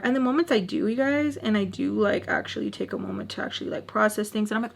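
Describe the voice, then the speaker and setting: A young woman telling a storytime rant on her vlog, chatty and animated, with lots of "like" and acted-out quotes. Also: medium pitch, quick pace, slight background noise. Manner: animated, acts out quotes in voices; chatty, heavy use of "like". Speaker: makeup vlogger.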